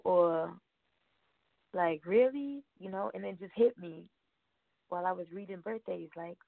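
A woman's voice: on the low side, gravelly, no echo. A woman hosting a radio show, chatting casually in a rambling way and laughing often. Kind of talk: casual show chat reading birthdays. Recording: tinny phone-like line, dry.

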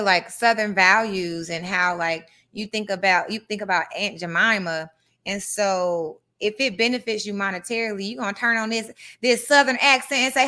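A young adult woman hosting a live podcast, talking in an animated, conversational way and now and then reading passages aloud. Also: mid-range voice. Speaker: podcast host.

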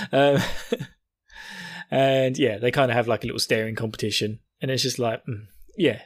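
A man's voice: medium pitch, steady tone, normal speed. A young man hosting a podcast, rambling through a casual episode recap with frequent laughs. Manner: rambling, jokey, laughs often. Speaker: podcast host.

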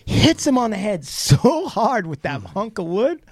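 A man's voice: high-pitched, very animated, unhurried, no room sound. A man co-hosting a podcast, telling a long story in casual chat, swearing freely and acting out the quotes. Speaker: podcast co-host. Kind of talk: casual storytelling among friends.

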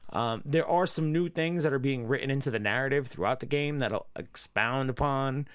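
A man's voice: mid-range voice, normal speed, clear, resonant tone, dry recording. A man co-hosting a casual podcast, rambling and teasing with lots of swearing. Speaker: podcast co-host. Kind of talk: casual chat. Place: home in Rhode Island.

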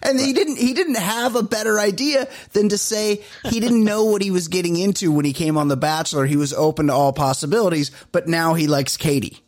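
A man's voice: sits high, brisk, few pauses. Laid-back man co-hosting a podcast. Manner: relaxed, filler-heavy, wry. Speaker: podcast co-host. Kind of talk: casual podcast chat.

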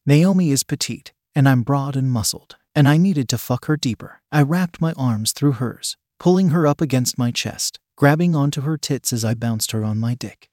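A man narrating a first-person story in a steady, measured reading voice. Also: medium pitch, dry recording. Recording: dry close recording.

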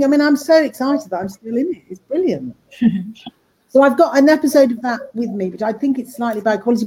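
A woman who works as an animator and voice actor talks casually, interview-style, about her work, rambling and restarting her sentences. Her voice is on the high side and mellow, and the audio is poor.

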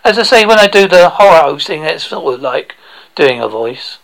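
A man's voice: a little high, sing-song, moderate pace, gravelly, fairly bright tone, rough recording. A man hosting a podcast, reading his own short horror story and chatting, rambling with frequent restarts. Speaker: podcast host.

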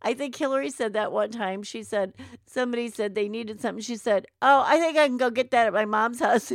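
A middle-aged woman in a casual chat, backing up the other speaker with quick agreement and laughs. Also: on the high side, no echo, clean studio sound. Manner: supportive, chimes in with agreement and laughs. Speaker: podcast co-host, mother of the other host.

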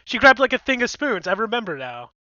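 A man's voice: high voice, sing-song, fast talker, pushed and bright, no echo, dull audio. A man co-hosting a casual, crude film recap chat, blunt and chuckling. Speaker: podcast co-host.

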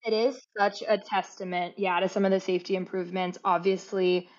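A young woman co-hosting a casual podcast chat, giving quick, informative points with lively asides. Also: on the low side. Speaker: podcast co-host. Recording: dull lo-fi sound.

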